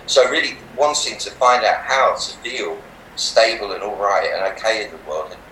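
An older man, a healer and meditation teacher, telling animated stories in an interview and laughing often. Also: lowish voice, normal speed. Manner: animated anecdotes, laughs often, acts out voices in quotes. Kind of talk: storytelling in a relaxed interview. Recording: roomy, slightly distant mic with faint background noise.

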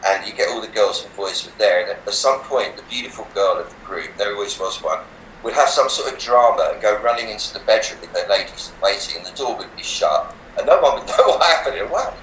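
An older man, a healer and meditation teacher, telling animated stories in an interview and laughing often. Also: on the low side, fast talker. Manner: animated anecdotes, laughs often, acts out voices in quotes. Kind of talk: storytelling in a relaxed interview. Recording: roomy, slightly distant mic with faint background noise.

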